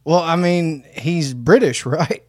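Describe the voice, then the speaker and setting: A man in casual podcast chat, teasing and joking with quick quips. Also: a little high, a little mellow, no echo, clean studio sound. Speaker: podcast co-host.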